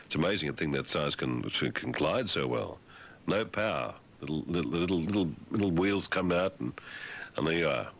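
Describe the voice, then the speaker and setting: A man's voice: extremely low pitch, animated, moderate pace, muffled recording. A man hosting talk radio, reading news items and breaking off into wry, rambling, sardonic asides. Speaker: radio host.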